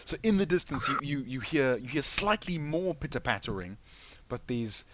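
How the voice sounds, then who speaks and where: A man's voice: mid-range voice, big pitch swings, normal speed, lo-fi sound, background noise. A man running a sci-fi tabletop game as game master over voice chat, often laughing and stumbling over repeated words.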